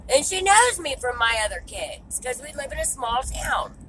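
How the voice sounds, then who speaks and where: A woman's voice: sits high, big pitch swings, normal speed, sharp tone, slight background noise, low-quality recording. A woman, venting to camera in a blunt, exasperated way and swearing freely. She sounds frustrated. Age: 30s. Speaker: vlogger and mother.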